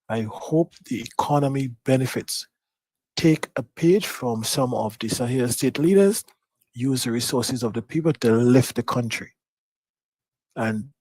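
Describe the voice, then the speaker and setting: A man's voice: medium pitch, dark tone, dry recording, poor audio. A man on a live news talk show, firing off rhetorical questions and strong opinions.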